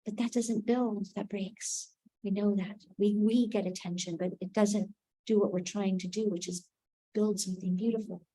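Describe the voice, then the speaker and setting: A woman giving a reflective spiritual teaching, unhurried, often checking in with "right?". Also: mid-range voice, steady tone, mellow, rough recording.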